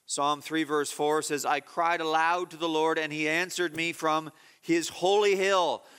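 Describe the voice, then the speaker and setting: Bright-voiced preacher man, emphatic. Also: fairly even intonation, measured pace, clean tone, long reverb tail. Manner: teaching tone, swings from low explaining to loud emphatic scolding. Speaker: pastor. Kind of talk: sermon.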